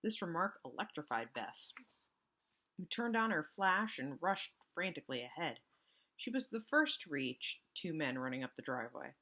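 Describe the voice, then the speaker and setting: A woman teacher reading a storybook aloud to students, expressive with casual asides. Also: low-pitched, normal speed.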